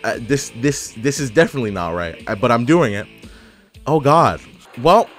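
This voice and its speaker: A man's voice: mid-range voice, very animated, normal speed, soft background music. A man giving casual gameplay commentary, exclaiming and throwing out playful trash talk. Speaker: gaming YouTuber.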